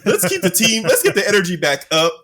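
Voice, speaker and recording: Playful joking man, casual podcast chat. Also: fast talker. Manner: joking, playful, pitch jumps up when excited. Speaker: podcast co-host.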